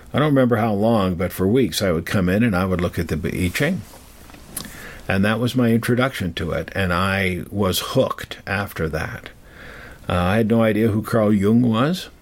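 A man recounts a personal story in a rambling, halting way. His voice is low and gravelly with a husky edge. He pauses often with fillers and restarts.

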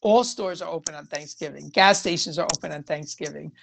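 A woman shares her thoughts on tarot and moods in a loose, conversational way. Her voice sits a little on the low side, and she circles back on her points with plenty of casual fillers. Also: a little fast, creaky, slight background noise. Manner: chatty and rambling, frequent "you know" fillers. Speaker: tarot reader. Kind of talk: casual spiritual talk to viewers.

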